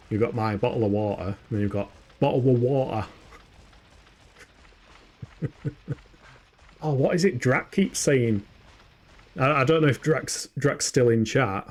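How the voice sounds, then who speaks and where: A man's voice: mid-range voice, a little mellow. A young man with a Yorkshire accent, chatting casually and swearing now and then while playing a video game live and answering his chat. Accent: Yorkshire English. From England. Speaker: game streamer.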